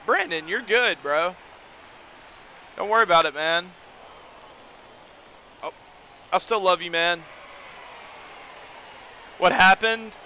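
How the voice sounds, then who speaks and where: High, bright young man streaming. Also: a little hiss or hum. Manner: joking, excitable, talks to chat. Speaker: game streamer. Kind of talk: casual live-stream commentary.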